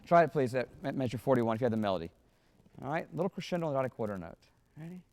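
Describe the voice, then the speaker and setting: A man's voice: medium pitch, expressive, racing, a little mellow. A man coaching a wind band in rehearsal in a concert hall, giving encouraging instructions and singing phrases in scat syllables to show how they should go. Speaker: band clinician.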